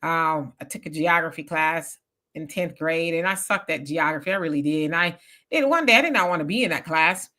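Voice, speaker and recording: A woman co-hosting a casual livestream, reading viewer comments aloud and telling animated stories. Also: low voice, fairly quick. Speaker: co-host reading live chat.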